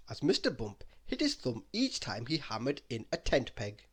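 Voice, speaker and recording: A man's voice: mid-range voice, wildly swooping pitch, moderate pace, few pauses, breathy edge. Man reading a bedtime story, sing-song. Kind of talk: bedtime story read-aloud.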